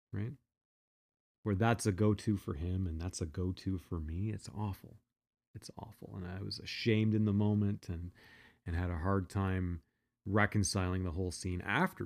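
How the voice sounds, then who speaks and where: A man's voice: low-pitched, creaky. A man telling a personal story in a casual, blunt, profane way, often restarting his sentences.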